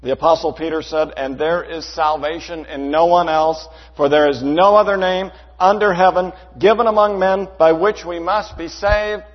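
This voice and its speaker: A man preaching a sermon to his church, emphatic, asking rhetorical questions and swinging between loud and hushed delivery. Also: on the high side, steady tone, moderate pace, hardly any pauses. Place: church sanctuary. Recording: dull hall reverb.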